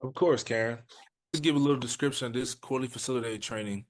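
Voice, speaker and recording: Man briskly reading a promo blurb. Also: medium pitch. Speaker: co-host reading the session description.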